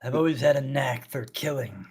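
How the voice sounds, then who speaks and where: Man putting on a brooding rogue, low growling mumble, husky, tabletop role-play. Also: moderate pace, a little mellow, close to an everyday voice. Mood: menacing. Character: brooding male rogue with a gruff murmur.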